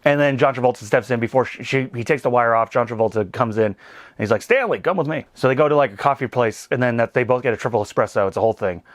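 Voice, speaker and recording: A man in his thirties giving a casual, comedic movie recap, animated and rambling. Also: mid-range voice, fast talker, dry recording. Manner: animated, rambling, laughs at his own jokes. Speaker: movie reviewer.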